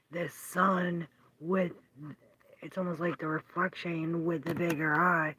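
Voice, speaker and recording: Woman tarot reader, live stream, slow musing delivery with whispered asides, noisy home audio. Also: on the low side. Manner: musing, drifts into soft half-whispered asides.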